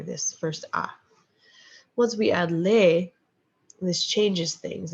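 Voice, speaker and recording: A woman teaches a recorded Spanish lesson, slow and patient, often pausing on "okay" and "um". Her voice is gravelly and a touch husky. The recording is dull and lo-fi. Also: fairly low pitch. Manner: patient, step-by-step explaining with frequent "okay" and "um". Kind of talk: recorded lecture with slides.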